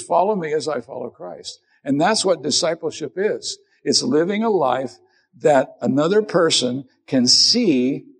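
A middle-aged man delivers a sermon, a pastor with a gravelly edge and a somewhat husky tone. He preaches earnestly but conversationally, often turning the point on himself. His pitch sits in an ordinary middle range.

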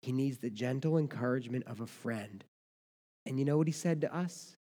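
A man from the United States preaching a sermon as pastor, swinging from loud emphatic lines to hushed ones. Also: mid-range voice, brisk. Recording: long hall reverb.

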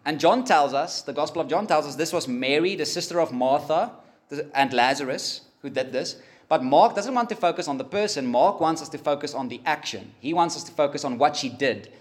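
A man preaching a sermon, emphatic and pausing, rising for emphasis. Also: a little high. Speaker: pastor.

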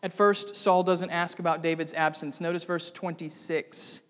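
A man preaching an expository sermon as pastor, emphatic, with sudden dramatic rises in pitch and volume. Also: flat delivery, moderate pace, fairly bright tone. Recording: long hall reverb.

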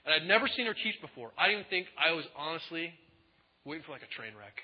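A male pastor preaching a sermon in an animated way, acting out quotes in different voices. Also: a little high, fast talker. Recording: echoey hall, dull lo-fi sound.

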